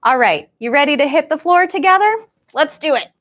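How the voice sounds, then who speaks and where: A woman's voice: high-pitched, lively intonation, a little fast, fairly bright tone. A woman leading a live-streamed baby storytime as a children's librarian, talking sing-song and playful, making animal sounds, heard through a camera across the room.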